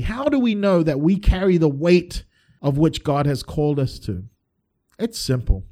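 A man's voice: mid-range voice, dark tone. A man preaching a sermon as a pastor, earnest and emphatic, often restarting his phrases.

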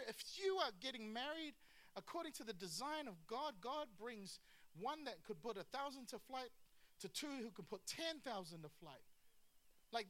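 High-voiced guy preaching, bright and punchy, cracks jokes mid-sermon. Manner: animated preaching with humor. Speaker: pastor.

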